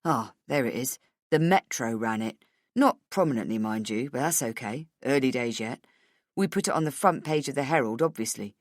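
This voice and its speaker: A woman narrator voicing a calm, firm middle-aged male boss who speaks in a measured, matter-of-fact way. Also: rumbling low, no echo, studio quality.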